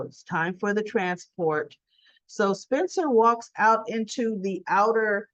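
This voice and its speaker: A woman's voice: mid-range voice, dry recording. A woman casually recapping a soap opera episode and acting out the characters' lines as she goes. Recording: dry, slightly dull recording.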